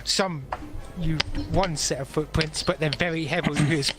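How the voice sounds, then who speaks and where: A man narrating as game master of a tabletop role-playing session, relaxed and chuckling as he reads out what the players hear. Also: fairly high pitch, normal speed, over loud music.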